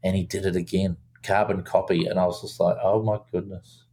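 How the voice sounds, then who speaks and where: A man's voice: low-pitched, fairly quick. A man, a film director, telling a story in a casual interview, with lots of restarts. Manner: animated storyteller, acts out quotes, many restarts.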